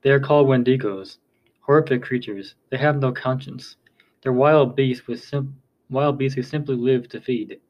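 A composed older tribal chief who speaks with unhurried, formal courtesy, as a male audiobook reader voices him. His words stay polite and even, with a mid-pitched voice. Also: muffled recording, close to an everyday voice. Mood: calm. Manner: measured, formal, polite speech.

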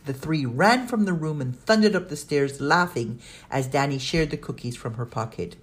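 A woman narrating a children's audiobook in a steady storytelling manner. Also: sits low, normal speed.

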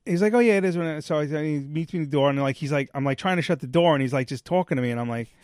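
A man's voice: fairly high pitch, rapid-fire, darkish tone, no echo. Dry-miked man telling rambling stories. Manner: rambling storyteller, acts out quotes. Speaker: podcast co-host. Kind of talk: casual chat.

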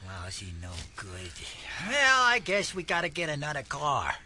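An actor playing an eager, folksy, excitable male tourist in a radio drama. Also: on the high side, normal speed, slight background noise, exaggerated voice.

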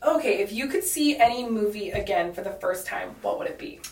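A woman's voice: medium pitch, animated, brisk. A young woman co-hosting a podcast, chatting casually and telling stories with lots of "like" and "um". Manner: chatty storyteller, many "like" and "um" fillers. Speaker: podcast co-host. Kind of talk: casual chat. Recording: roomy echo, mic at a distance.

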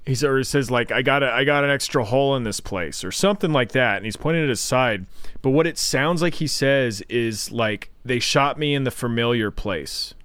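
A man co-hosting a podcast, rambling sarcastically through a movie recap and shouting characters' lines now and then. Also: medium pitch, a little fast, clear, resonant tone, dry recording. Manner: rambling, sarcastic, mimics characters in loud bursts. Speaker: podcast co-host. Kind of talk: casual movie review chat.

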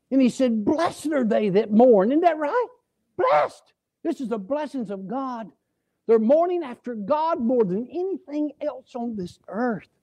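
High-voiced preacher telling stories. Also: male voice, dry recording. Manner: folksy, animated, acts out voices in stories. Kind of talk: sermon with storytelling. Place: church.

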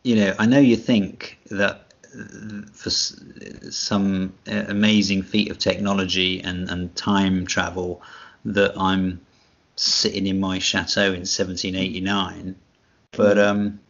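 A man with a low, gravelly voice chats on a podcast, stumbling through fillers with a dry, self-mocking wit. The sound is dull and lo-fi. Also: flat delivery, takes it slowly, fairly bright tone. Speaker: podcast co-host. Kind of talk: casual chat.

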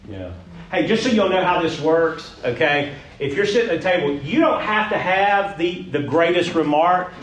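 Folksy pastor in an echoey hall. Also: male voice, a little high, moderate pace. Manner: folksy, animated, asks the room questions. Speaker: pastor leading a group session. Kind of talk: interactive sermon teaching. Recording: roomy echo, mic at a distance.

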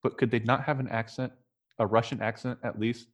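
A man's voice: mid-range voice, fairly even intonation, fairly quick. Male podcast co-host, blunt, wisecracking, casual profanity, mid-range voice. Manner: blunt, jokey, swears freely. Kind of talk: casual movie review chat.

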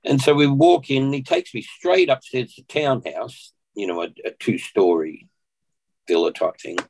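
A man's voice: medium pitch, normal speed, gravelly, husky, poor audio. A man with an Australian accent, a podcast guest telling a personal story in conversation, acting out what people said along the way. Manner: animated storyteller who acts out what people said.

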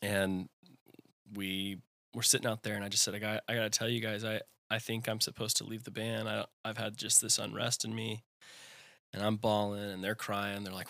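Bright-voiced young man telling a story. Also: lowish voice, level tone, moderate pace, dry recording. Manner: rambling, filler-heavy storytelling. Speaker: guest. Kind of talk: personal faith story in conversation.

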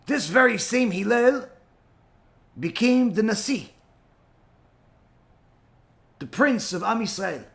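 Male teacher, high voice, lively storyteller who acts out his characters. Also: slow pace, gravelly, long pauses. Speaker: Torah teacher. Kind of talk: storytelling lesson.

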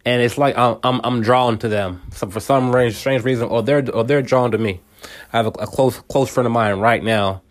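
A man hosting a podcast, talking in a casual personal monologue, often stumbling and repeating words. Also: mid-range voice. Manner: halting, repeats words, casual slang like "bro". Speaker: podcast host.

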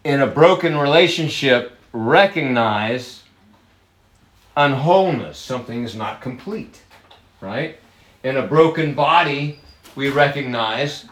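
A man preaching a sermon, lively and chatty with his congregation, slowing down to stress key words and laughing often. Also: medium pitch, roomy sound. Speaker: pastor.

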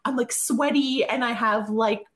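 A woman's voice: fairly high pitch, a little slow. A woman co-host on a casual podcast, complaining dramatically in long run-on sentences.

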